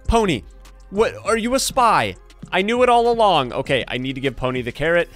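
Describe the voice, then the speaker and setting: A young man commentating on a horror game as he plays, excitable and jumpy, often yelping in fright. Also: high voice, a little fast, soft background music. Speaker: gaming YouTuber. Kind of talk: let's play commentary. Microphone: headphones and desk mic.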